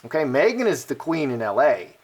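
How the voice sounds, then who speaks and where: A man's voice: medium pitch, sing-song, fairly quick, breathy edge. A man giving a casual card-reading commentary, chatty and repetitive, thinking aloud as he turns over each card. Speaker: card reader.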